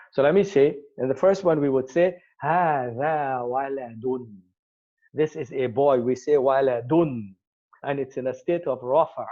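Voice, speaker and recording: A man's voice: a little high, muffled recording. A man teaching an Arabic grammar class, explaining step by step and checking the class follows. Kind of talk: classroom lecture.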